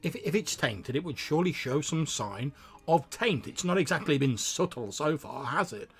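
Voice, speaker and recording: A man's voice: fairly high pitch, animated, husky, soft background music. A man voicing a proud non-human woman scout who speaks bluntly and insistently. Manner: brisk, insistent, matter-of-fact.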